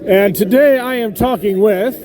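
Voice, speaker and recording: High-voiced man interviewing on a busy street. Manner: jokey, quick-witted. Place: busy city street outdoors. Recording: crowd and traffic behind.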